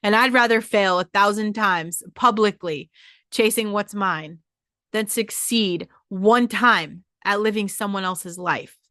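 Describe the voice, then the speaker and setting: A woman's voice: medium pitch, measured pace, a bit bright, no room sound, studio quality. A woman hosting her own podcast, delivering a blunt, profane motivational monologue straight to her listeners. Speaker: podcast host.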